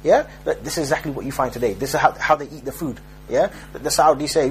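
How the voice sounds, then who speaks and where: Man, sermon, emphatic street-style preaching, frequent restarts, fairly high voice. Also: fast, a little hiss or hum, poor audio.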